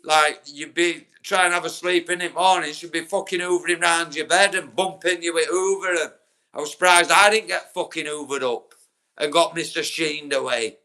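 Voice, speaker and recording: A young livestream host from Yorkshire, going by his accent, speaks at normal speed in a fairly high, bright, forceful voice with fairly even intonation. His casual chat is blunt and full of swearing, and he answers viewers by name.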